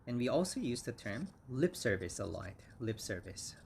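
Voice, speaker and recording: A man teaching English vocabulary, speaking slowly and patiently and repeating each word several times; his first language is Korean. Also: medium pitch, sing-song, creaky, slight background noise. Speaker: English instructor. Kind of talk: slow vocabulary lesson with repeated words.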